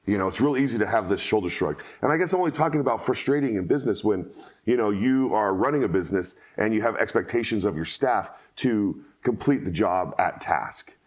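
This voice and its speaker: Guy hosting a podcast, kinda low voice, blunt, tells stories with lots of energy. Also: fairly quick. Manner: blunt, animated storyteller. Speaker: podcast host. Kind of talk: casual conversational interview.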